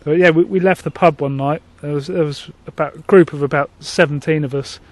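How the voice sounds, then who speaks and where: A man's voice: fairly high pitch, fairly even intonation, fairly quick, no room sound. A man from England telling a group about a past night out, with fillers. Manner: plain storytelling with fillers. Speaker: group member. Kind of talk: telling a personal story.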